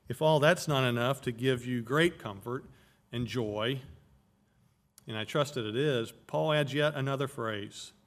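A man preaching an expository sermon, explaining Greek words of a Bible verse and stressing key phrases. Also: medium pitch. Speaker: pastor.

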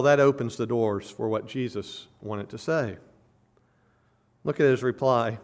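Man preaching a measured verse-by-verse sermon. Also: medium pitch. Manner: measured teaching, rising to emphatic stress on key words. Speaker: pastor. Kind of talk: expository sermon.

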